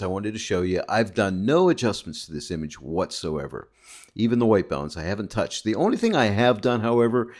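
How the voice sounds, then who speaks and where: A deep-voiced man teaches photo editing in a screen-recorded software tutorial. He is upbeat and chatty, calling his viewers "guys."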